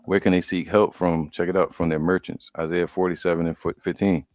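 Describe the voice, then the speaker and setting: A man preaching, reading Bible verses slowly and breaking off into casual commentary. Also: low-pitched, little pitch movement, dry recording. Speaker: preacher teaching scripture. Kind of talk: scripture study sermon. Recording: dull lo-fi audio.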